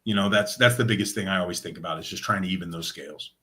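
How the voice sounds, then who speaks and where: With a low-pitched, rapid-fire voice, a Lane County, Oregon man who directs operations at a nonprofit shares his story as an interview guest. His casual retelling is animated, and he acts out each bit of quoted dialogue.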